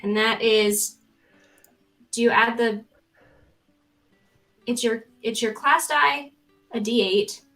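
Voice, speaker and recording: A woman's voice: a little high, slow pace, long pauses, fairly bright tone, soft background music, rough recording. A woman player in a tabletop game, talking casually and rambling with fillers. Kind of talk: casual chat.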